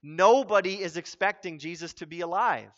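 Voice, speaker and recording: Male pastor, high bright voice, conversational sermon with emphatic peaks, muffled lo-fi audio. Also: normal speed. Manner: conversational, grows emphatic and loud when stressing points.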